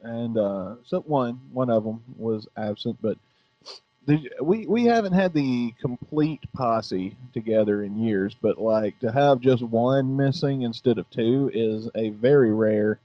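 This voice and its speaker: A man's voice: mid-range voice, a little slow, dry recording, highs cut off. A middle-aged man hosting a casual podcast chat, laid-back and profane, laughing often. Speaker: podcast host.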